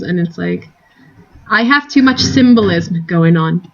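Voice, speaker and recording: A woman's voice: mid-range voice, measured pace, muffled recording. A young woman chatting casually on a live stream, rambling and giggly, drifting into tangents.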